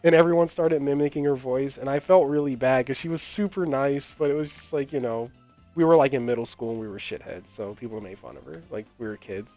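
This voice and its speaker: A young gaming channel host with a medium-pitched, brisk, darkish voice chats casually while he plays, rambling through stories packed with fillers, swearing, and laughter. The audio comes from a dull lo-fi mic, dry, with game music in the background.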